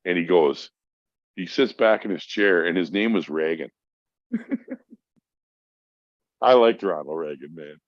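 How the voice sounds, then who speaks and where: A man's voice: low-pitched, a little slow, long pauses, dry recording. A man, a podcast guest who works in mental health, tells a story in a casual, emphatic and profane way. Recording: dull lo-fi dry sound.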